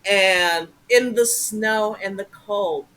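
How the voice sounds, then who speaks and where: Bright-voiced animated woman storyteller. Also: mid-range voice, slow pace, a little hiss or hum, poor audio. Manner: animated, profane, acts out voices. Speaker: guest. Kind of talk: casual storytelling interview.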